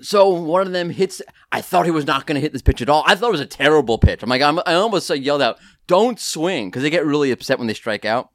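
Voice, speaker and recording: A man hosting a podcast from home, telling stories in a lively, self-deprecating way with quick asides. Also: fairly high pitch, no echo, studio quality. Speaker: podcast host. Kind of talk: casual podcast chat.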